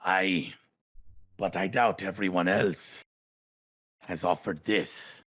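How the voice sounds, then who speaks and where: A man voicing a gruff, blunt male dwarf adventurer who speaks slowly and deliberately, with folksy words like aye and laddie. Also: deep voice, steady tone, fairly bright tone, exaggerated voice.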